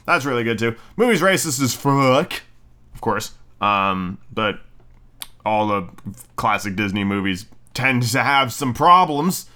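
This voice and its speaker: A man's voice: medium pitch, lively intonation, a little slow, bright, forceful tone, clean tone. A man hosting a podcast, chatting through a movie review in a rambling, profane way, full of ums and restarts. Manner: jokey, does mocking voices of characters. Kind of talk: casual solo review chat.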